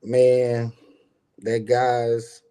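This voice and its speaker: Middle aged guy telling a story on a stream, swears a lot, talks right at the listeners, dark mellow voice. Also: mid-range voice, completely flat delivery, very slow, clean tone. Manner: emphatic, profane, addresses listeners directly. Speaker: guest. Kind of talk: casual personal storytelling on a live stream.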